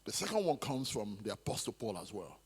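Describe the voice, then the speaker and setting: A man's voice: on the low side, very animated, a little fast, breathy edge. A man preaching a sermon as pastor, with emphatic repetition and stammered restarts. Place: large church hall. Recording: long church hall reverb.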